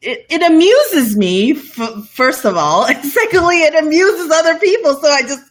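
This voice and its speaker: A woman's voice: sits high, very animated, normal speed. Brief: young woman from Borneo, blended international English accent, rambly and laughing, interview guest. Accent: mixed international English. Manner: rambling, many fillers and restarts, laughs often. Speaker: cooking show host, guest. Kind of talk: casual interview chat.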